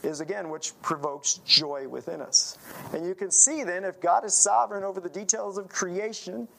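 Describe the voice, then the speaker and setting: A man's voice: sits high, moderate pace, creaky, bright, forceful tone, a little hiss or hum, rough recording. A male preacher giving a sermon, counting off his points emphatically and quoting scripture as he goes.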